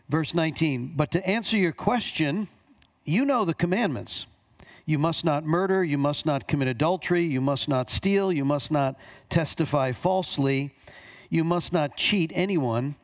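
A male pastor delivers a sermon in a slightly higher-than-usual voice. He reads scripture passages aloud and pauses to comment, repeating key phrases for emphasis. His pitch jumps on quoted lines. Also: gravelly.

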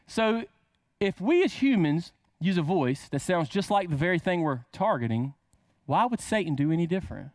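A man's voice: high-pitched, very animated, moderate pace, no room sound. A man preaching a casual sermon to camera, asking rhetorical questions and drawing words out for emphasis.

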